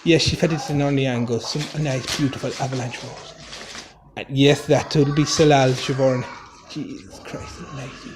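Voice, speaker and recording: A man's voice: medium pitch, fairly even intonation, normal speed, noisy background, voice pushed down, close to an everyday voice. A man putting on an Irish accent to narrate a silent craft video as a wry, chuckling commentator. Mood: amused. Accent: put-on Irish. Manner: wry running commentary, chuckling, mutters "Jesus" a lot. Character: jokey male narrator with a put-on Irish lilt. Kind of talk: mock silent-movie voiceover.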